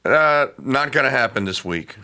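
Man, co-host, playful, mock-formal, lively pitch, bright tone. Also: normal speed, clean tone.

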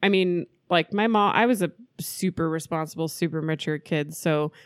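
Chatty woman, low voice, dry sound. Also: moderate pace, no echo. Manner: laughs often, animated storytelling. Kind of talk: casual chat.

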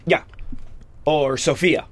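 A man's voice: fairly high pitch, fairly even intonation, takes it slowly. A young man in casual discussion, explaining eagerly and at length in a rambling way.

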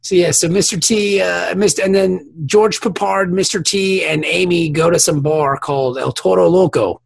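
A man's voice: high voice, fairly even intonation, moderate pace, creaky, breathy edge, no room sound. A man co-hosting a podcast, recapping a TV episode in rambling, profane casual chat with frequent laughs. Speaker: podcast co-host.

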